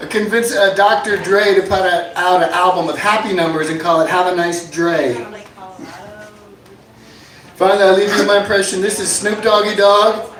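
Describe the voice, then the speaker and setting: A man doing a stand-up comedy set, dry one-liners broken up by loud shouted bits, at an inn bar. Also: sits high. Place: inn bar with live audience. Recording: echoey bar room from far off.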